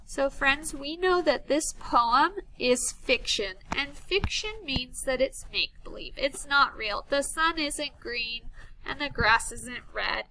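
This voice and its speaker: A woman teacher giving a slow, patient early reading lesson to young children, sounding out words and counting down. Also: high voice, sharp tone, slight background noise, poor audio.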